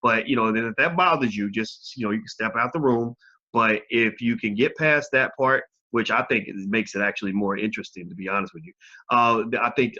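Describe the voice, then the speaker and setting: This is a man with a lowish voice, hosting a casual livestream and talking straight to his viewers. He is frank and swears without holding back. The audio is dull and lo-fi. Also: sharp tone. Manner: frank, talks to viewers directly, swears freely. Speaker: host of a live video channel.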